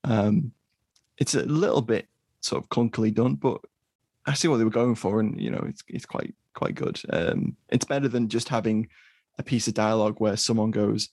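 Man, low gravelly voice, husky, hesitant podcast chat. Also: fairly even intonation, a little mellow, no echo, clean studio sound. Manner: measured, hesitant with fillers. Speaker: podcast co-host. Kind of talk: casual film discussion.

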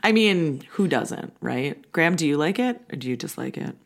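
Low-voiced woman in her 30s hosting a film podcast, chatty, playful, wanders off track. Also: expressive, normal speed, vocal fry. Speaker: podcast host. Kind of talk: casual chat.

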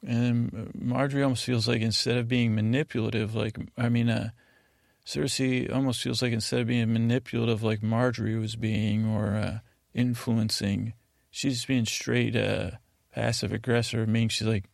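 A man's voice: mid-range voice, little pitch movement, normal speed, creaky, no room sound, clean studio sound. A man hosting a sleep podcast, recapping an episode in a meandering, digressive way, full of restarts. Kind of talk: rambling bedtime recap.

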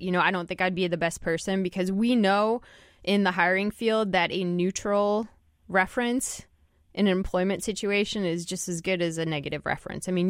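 A woman's voice: lowish voice, no echo, clean studio sound. Chatty woman with a Jersey accent. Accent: New Jersey. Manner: chatty, laughs often. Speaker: radio show host. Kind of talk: casual radio chat.

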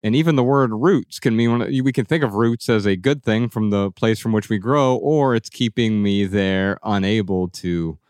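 Smooth-voiced reflective male host. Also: fairly low pitch, moderate pace, few pauses, no echo, studio quality. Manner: thoughtful, musing, trailing off softly. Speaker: podcast host. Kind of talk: reflective interview talk.

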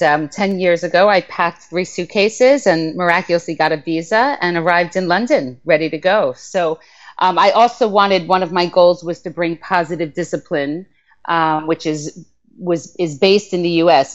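A woman with a New York accent talks as a guest author on a podcast, earnest and measured, with the odd um. Her voice sits somewhat low for a woman, and the sound is dull and muffled, like a remote line. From United States. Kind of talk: podcast interview.

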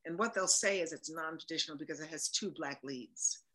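Forceful animated woman in an interview. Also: deep voice, brisk, low-quality recording. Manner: animated and emphatic. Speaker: guest, voice actor and producer. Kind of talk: casual interview chat.

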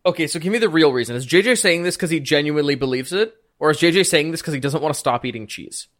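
Wry game master, slightly higher voice. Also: male voice, animated, fast, a bit bright. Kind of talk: running a tabletop game.

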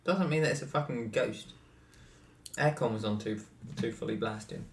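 A man's voice: medium pitch, moderate pace, creaky, reverberant. A man co-hosting a podcast in casual chat, a sarcastic, sweary skeptic. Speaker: podcast co-host.

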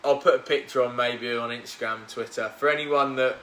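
A man's voice: medium pitch, steady tone, fairly quick, a bit bright, echoey room. A man hosting a podcast, chatting casually with his mates and telling self-deprecating stories. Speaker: podcast host.

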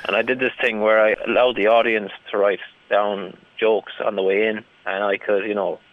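A man, a stand-up comedian telling animated anecdotes with laughs and restarts in an interview. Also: lowish voice, moderate pace. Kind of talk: casual storytelling interview. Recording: tinny phone-like line.

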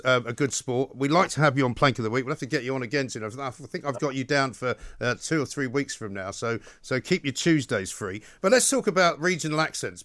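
A man's voice: fairly high pitch, a bit bright, dry recording, studio quality. A man with a Southeast English accent, hosting a talk radio show, wry and opinionated in conversation.

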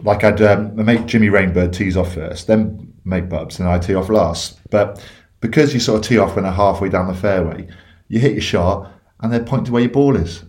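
A man's voice: fairly low pitch, moderate pace, darkish tone. A man, co-hosting a casual podcast, chatty and laughing at his own jokes. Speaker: podcast co-host. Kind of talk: casual chat, telling a joke.

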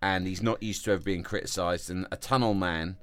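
A man co-hosting a comedy podcast who tells crude, animated stories, recorded in a small cupboard. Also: sits low, brisk, no echo. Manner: crude, animated storytelling with swearing. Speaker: podcast co-host. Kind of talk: casual comedic chat.

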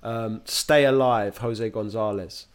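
A man's voice: on the low side, fairly even intonation, clean tone. A man chatting as a podcast guest, easygoing and informal. He talks in fits and starts, circling back and repeating words before landing a point, with slang sprinkled through. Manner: halting, many restarts, slangy. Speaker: actor guest. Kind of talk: casual podcast chat.

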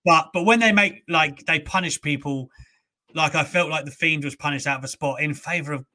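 A young man hosting a casual wrestling talk show, animated, ranting and swearing freely. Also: on the high side, a little fast. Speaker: host.

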